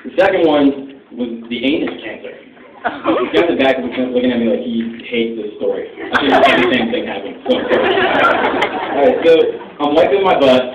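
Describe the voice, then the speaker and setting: A man's voice: mid-range voice, sing-song, normal speed, heavy background noise. A young man from Northern Virginia telling stand-up stories to a live audience, rambling with lots of fillers and laughing at his own jokes. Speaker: stand-up comedian. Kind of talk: stand-up storytelling. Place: small venue with live audience. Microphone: phone recording from the audience. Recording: echoey, distant, muffled phone recording with crowd.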